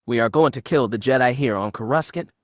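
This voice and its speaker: A brash young Inquisitor, impatient and quick to anger, pushes back at his master, as a man puts him on in a storybook reading. His voice is dry and close. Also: medium pitch, no room sound, close to an everyday voice. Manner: brash, annoyed.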